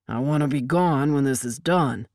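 A woman's voice: a bass voice, normal speed, a little mellow, dry recording, clean studio sound. A woman reading a novel aloud, voicing a big male guard leader who gives curt, cold orders. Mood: commanding.

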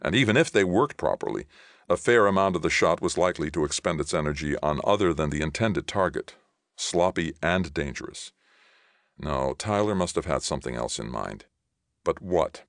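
A man giving a steady, measured audiobook reading of a science fiction novel. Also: a bass voice, no room sound, clean studio sound. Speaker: audiobook reader. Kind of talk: scripted narration.

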